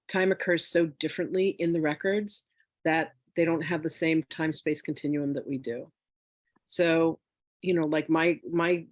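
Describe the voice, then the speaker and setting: A woman's voice: low-pitched, a little mellow, no room sound. A woman teaching a spiritual class in a candid, chatty way, telling a personal story with many "you know" asides.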